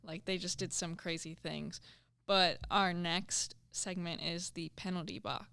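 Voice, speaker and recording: A female podcast co-host with a lowish, gravelly voice full of vocal fry, giggling and trailing off mid-thought. Her sound is dry and close. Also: fairly even intonation, unhurried, bright, forceful tone, no room sound. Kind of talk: casual podcast chat.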